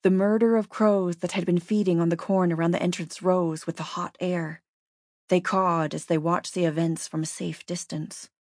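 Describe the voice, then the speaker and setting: A woman narrating a story in a steady, measured audiobook reading. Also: on the low side, dry recording, clean studio sound.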